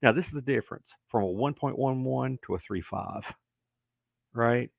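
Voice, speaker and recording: A man in his sixties, a former wrestler, telling stories as a podcast guest in a joking, animated way, acting out the people he quotes. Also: medium pitch, normal speed, gravelly, slightly rough, dry recording. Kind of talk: casual storytelling.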